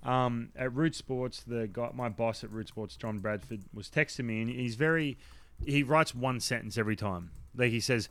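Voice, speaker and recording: A man's voice: mid-range voice, normal speed, no echo. A man telling a story in casual chat, acting out the quotes. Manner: animated storyteller, acts out quotes loudly. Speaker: podcast guest telling a story.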